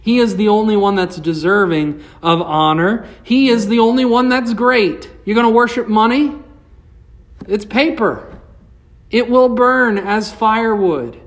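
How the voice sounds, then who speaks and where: A man's voice: high voice, measured pace, fairly bright tone. A man preaching a sermon with passion, his voice rising and dropping, reading scripture aloud along the way. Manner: impassioned preaching, rising and falling. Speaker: pastor.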